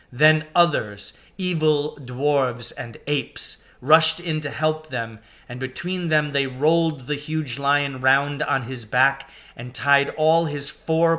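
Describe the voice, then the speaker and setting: Man reading a chapter book aloud, unhurried, bright, clear tone. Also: mid-range voice. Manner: slow, deliberate storytelling. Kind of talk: reading a children's novel aloud.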